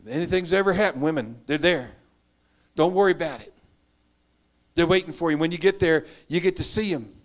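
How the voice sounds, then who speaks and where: A man's voice: a little high, a little fast, long pauses. Earnest man preaching a testimony. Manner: earnest storytelling, swings between loud emphatic bursts and hushed asides. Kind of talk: sermon testimony.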